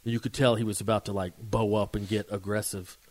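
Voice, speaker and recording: A man in his forties, co-hosting a podcast, telling a story in a casual, animated way and acting out the shouts. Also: on the low side, quick pace. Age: 40s. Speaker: podcast co-host.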